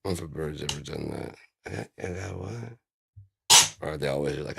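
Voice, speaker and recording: A man's voice: rumbling low, fairly quick, creaky, pauses often, slightly rough. A man vlogging in a rambling, profane, casual monologue, telling stories and putting on silly voices.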